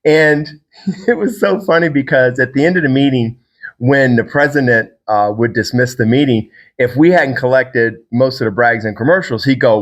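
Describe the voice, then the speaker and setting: A man's voice: mid-range voice, moderate pace. Enthusiastic man telling rambling stories. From Virginia, US. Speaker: fitness trainer and podcast host. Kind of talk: casual solo monologue.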